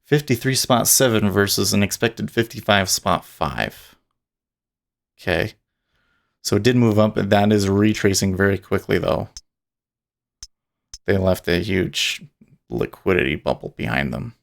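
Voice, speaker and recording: A man's voice: fairly low pitch, animated, measured pace, gravelly, long pauses. A man talking casually and rambling as he streams his live day trading, often restarting and chuckling. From Utah.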